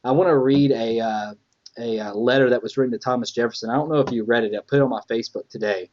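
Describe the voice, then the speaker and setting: A man's voice: medium pitch, fairly even intonation, fast. A man co-hosting a casual political chat podcast, talking with amused emphasis and sometimes reading aloud. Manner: reads a letter aloud with amused emphasis, laughing at it. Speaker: podcast co-host. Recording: dull lo-fi podcast audio.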